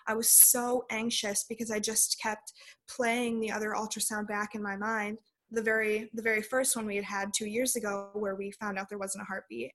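A woman's voice: mid-range voice, a bit bright. A young adult woman, a podcast guest, telling a personal story in a casual way with lots of "like" fillers.

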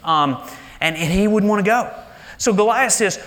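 High-voiced animated preacher, church reverb. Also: male voice. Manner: animated preaching, dropping low and slow for emphasis. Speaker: pastor. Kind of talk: sermon. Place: large church sanctuary. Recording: live church hall reverb.

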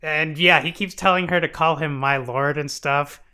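A man's voice: fairly high pitch, steady tone, pushed and bright, clear, resonant tone. A young man co-hosting a casual comedy podcast, rambling through a plot recap with frequent giggles. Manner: rambling, giggly, slips into quick voices for characters. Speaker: podcast co-host recapping a show.

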